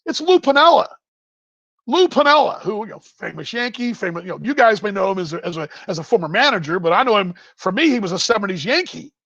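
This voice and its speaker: A man's voice: sits high, lively intonation, fast talker, hardly any pauses, a bit bright, no room sound. A middle-aged man, a former baseball broadcaster, telling a casual story full of fillers and self-corrections. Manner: rambling, self-correcting anecdote with many fillers. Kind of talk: casual storytelling on a live stream. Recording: dull, lo-fi, dry.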